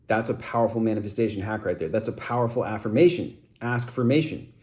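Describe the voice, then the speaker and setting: A young man giving an energetic, enthusiastic motivational talk as a self-help coach, repeating phrases as he builds momentum. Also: mid-range voice, brisk, hardly any pauses.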